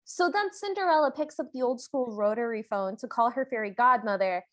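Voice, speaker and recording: A woman's voice: on the high side, brisk, fairly bright tone, no room sound, clean studio sound. A woman co-hosting a podcast, chatting casually and playfully, often laughing as she retells a cartoon. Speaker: podcast co-host. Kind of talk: casual chat.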